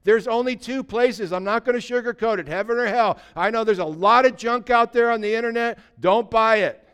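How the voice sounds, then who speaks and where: Urgent, high-voiced pastor preaching. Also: male voice, fairly quick, fairly bright tone, clear, resonant tone. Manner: urgent, emphatic preaching with repeated short declarations. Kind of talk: sermon.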